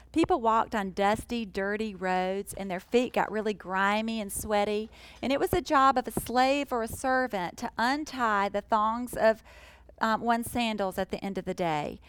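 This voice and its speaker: A woman teaching a sermon in an earnest, emphatic way, slowing down to stress key phrases. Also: medium pitch, fairly bright tone, a little hiss or hum, rough recording. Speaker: Bible teacher.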